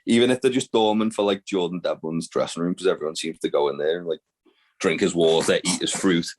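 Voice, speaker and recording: A man's voice: sits low, a little fast, a little mellow. A man co-hosting a podcast, rambling and profane in fond, casual banter. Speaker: podcast co-host. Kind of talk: casual chat.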